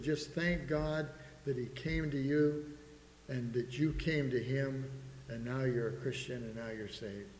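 A man's voice: medium pitch, darkish tone. A middle-aged man preaching a sermon as a pastor, building emphasis and asking the congregation for an "Amen". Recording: echoey hall with long reverb.

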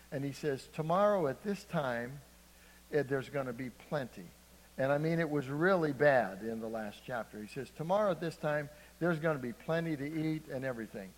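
A man's voice: mid-range voice, long reverb tail, low-quality recording. A man preaching a sermon in a conversational way, asking the congregation to answer "Amen".

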